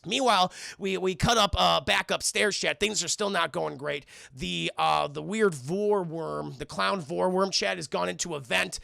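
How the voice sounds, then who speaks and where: A man streaming a film review, recapping scenes to his live chat and acting out characters in shouted voices. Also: high voice, moderate pace, vocal fry, few pauses, dry recording, clean studio sound.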